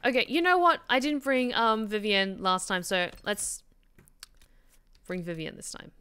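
Casting note: woman streamer, bright, forceful voice, chatty and foul-mouthed, loose live-stream delivery. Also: medium pitch, a little slow, clear, resonant tone. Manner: chatty, swears freely, talks to chat. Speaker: streamer and hobby voice actor. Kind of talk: casual live-stream chat while gaming.

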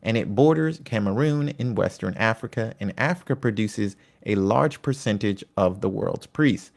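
Gravelly low-voiced man explaining casually. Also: expressive, normal speed. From United States. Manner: conversational, with asides and personal anecdotes. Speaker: Catholic history presenter. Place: home in Virginia.

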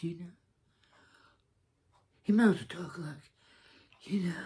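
Slow, rambling man. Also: high voice, darkish tone. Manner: rambling, hesitant, blunt and scornful. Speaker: TV series reviewer. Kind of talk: casual spoken review.

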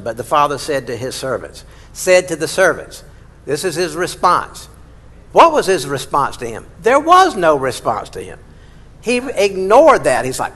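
Preacher with a long hall echo. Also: male voice, fairly high pitch, big pitch swings, moderate pace, fairly bright tone. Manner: conversational preaching with dramatic emphasis. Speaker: pastor. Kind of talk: sermon. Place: church sanctuary. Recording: long reverb in a large hall.

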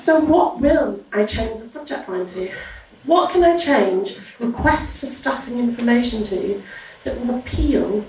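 A woman's voice: on the high side, lively intonation, unhurried. A woman performing a stand-up comedy set on a live stage, telling an exasperated, sarcastic story about work. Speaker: university staff doing stand-up. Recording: echoey room, distant mic, audience noise. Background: audience laughter.

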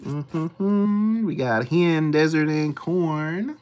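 A streamer, calling out scratch-off symbols one by one and muttering quietly while checking them. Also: medium pitch, extremely slow, a little hiss or hum. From Texas. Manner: reads symbols aloud in a steady list, dropping to hushed mutters when checking. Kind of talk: casual play-by-play of scratching tickets.

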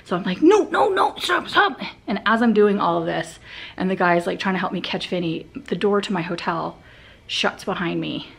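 Chatty young woman, low gravelly voice. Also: steady tone, fairly quick. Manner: chatty storytelling, many fillers like "like". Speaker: vlogger. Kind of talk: casual vlog chat. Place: hotel room and outdoor path.

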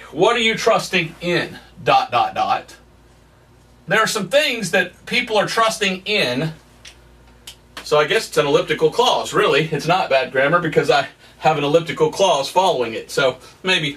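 A man preaching a sermon as a missionary evangelist, earnest and emphatic, recorded indoors at home. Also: recorded from a distance. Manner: earnest, emphatic, lively pitch swings, occasional laughs. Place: his family home, indoors.

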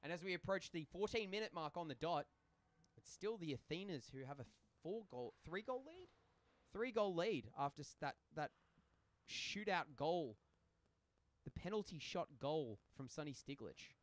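Joking Australian ice hockey commentator. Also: male voice, a little high, lively intonation, normal speed, no room sound. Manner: joking, rambling banter between play calls. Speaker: play-by-play commentator. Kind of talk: casual live sports commentary. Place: commentary booth at an ice rink.

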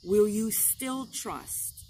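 A woman doing a strong cheerful male shepherd, calm and steady, slow speech, audiobook storytelling. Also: mid-range voice, a little hiss or hum. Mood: reassuring.

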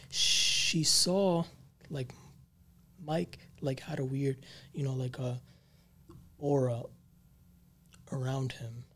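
A man hosting a casual paranormal podcast, telling a ghost story in an unhurried, meandering way. His speech is loose and slangy, packed with fillers. His voice sits at an ordinary middle pitch. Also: steady tone, fairly bright tone. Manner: rambling, filler-heavy, slangy. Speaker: podcast co-host.

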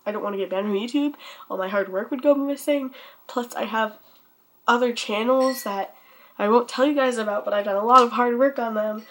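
Anxious teen girl vlogger, breathless and pleading, somewhat high pitch. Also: moderate pace. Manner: panicked, repeating herself, sighing. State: anxious, near hyperventilating. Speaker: channel owner. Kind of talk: anxious vlog plea.

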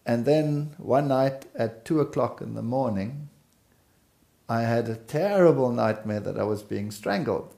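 A man's voice: mid-range voice, gravelly, warm tone. A middle-aged man from South Africa, earnestly recounting his family's past in a conversation. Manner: slow, earnest storytelling. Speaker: speaker telling life story. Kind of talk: personal testimony in conversation.

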